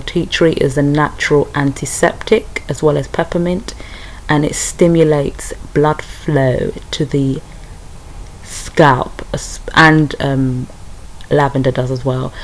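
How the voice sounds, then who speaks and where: A woman's voice: deep voice, low-quality recording. A young British woman chatting through a hair care tutorial, talking straight to her viewers. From United Kingdom. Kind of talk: casual tutorial.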